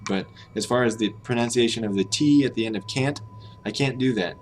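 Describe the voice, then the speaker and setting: Speaking in a mid-range voice at a fairly quick clip, this American host of a language-learning live stream muses out loud, faltering and revising his words. The casual stream commentary carries a slight hiss or hum.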